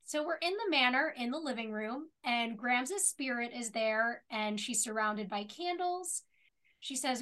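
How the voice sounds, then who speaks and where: A woman's voice: on the high side, a little slow, sharp tone. A woman co-hosting a podcast in casual chat, opinionated and retelling scenes in detail. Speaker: podcast co-host. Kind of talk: casual chat and episode recap.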